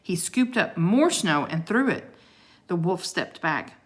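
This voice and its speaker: A woman reading a children's storybook aloud to a child, expressive with small stumbles. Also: fairly low pitch, unhurried, breathy edge. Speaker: reader of a children's book.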